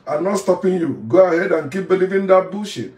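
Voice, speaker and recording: A Nigerian man with a fairly high voice delivers a combative, preachy rant, circling back to the same phrases again and again. He sounds set back from the microphone, and his words ring around a reverberant room. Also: brisk, a little mellow. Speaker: former pastor turned online commentator. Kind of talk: heated monologue rant to camera. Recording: echoey room, voice from a distance off the mic.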